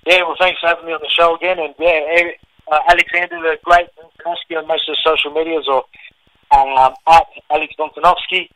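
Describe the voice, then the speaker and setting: A man's voice: on the high side, level tone, a little fast, a bit bright, dry recording, rough recording. A man with an Australian accent, a fighter guest on a radio interview, talking laid-back with lots of fillers.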